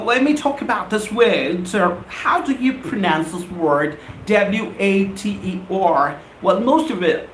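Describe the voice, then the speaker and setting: A man teaching an English lesson on a live stream, emphatic and repeating phrases in slow deliberate drills. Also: high voice, fairly bright tone, a little hiss or hum. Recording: echoey room with faint ambience.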